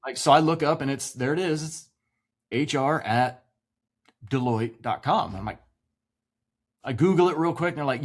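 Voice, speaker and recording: A man's voice: mid-range voice, moderate pace, long pauses. A man in his forties, a military veteran, animatedly telling a personal story in casual podcast chat, swearing freely and acting out quoted voices. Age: 40s.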